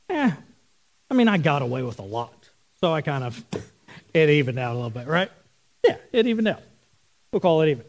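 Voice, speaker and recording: A middle-aged man, a pastor, preaching a sermon and telling stories in a conversational way, talking directly with his congregation. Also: sits high.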